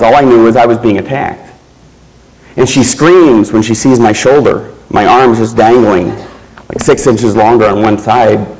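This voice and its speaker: A man giving a keynote speech, telling a personal story in a slow, measured way with pauses. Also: medium pitch, darkish tone, low-quality recording. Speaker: keynote speaker.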